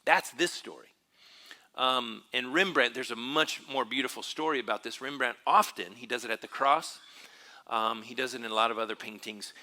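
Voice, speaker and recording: Reflective male pastor, bright voice. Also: mid-range voice, normal speed. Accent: Texan. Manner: reflective, searching, with frequent fillers and restarts. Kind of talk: sermon. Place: church.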